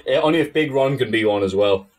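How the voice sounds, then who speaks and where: A man's voice: medium pitch, fast talker. A man who is a podcast guest, chatting casually in a sardonic way, swearing and laughing often. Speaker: interview guest.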